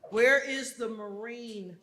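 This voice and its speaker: A woman's voice: fairly high pitch, takes it slowly, a bit bright. Upbeat woman emceeing a live event. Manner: upbeat, joking with the audience.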